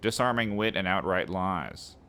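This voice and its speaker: A man's voice: low-pitched, lively intonation, a little slow, bright, forceful tone. A man hosting a let's play, reading the game's text aloud and breaking off for playful, chatty asides to his viewers.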